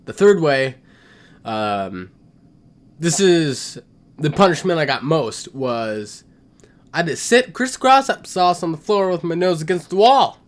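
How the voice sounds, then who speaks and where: Animated young man telling a story. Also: a little high, measured pace. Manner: animated, swings between loud outbursts and mutters. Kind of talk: comedic story time.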